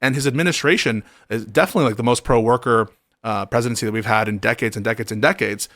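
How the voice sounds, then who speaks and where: A man hosting a casual political chat, earnest and halting, often restarting his sentences. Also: medium pitch, a bit bright, no room sound. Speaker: show host.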